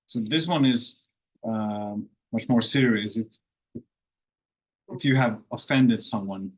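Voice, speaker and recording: A Finnish-speaking man hosting a casual language lesson, explaining phrases slowly with lots of fillers and thinking aloud. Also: fairly low pitch, husky, poor audio. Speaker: language course host.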